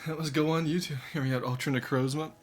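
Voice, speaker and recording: This fast-talking live streamer has a mid-range voice and chats casually with chat. Excitable and foul-mouthed, the streamer keeps breaking into loud fits of laughter.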